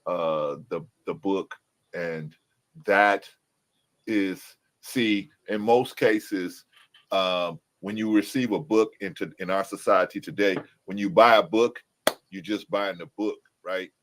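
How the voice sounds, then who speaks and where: A man speaking as a panelist in a casual debate, halting and searching for his words. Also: low-pitched, a bit bright.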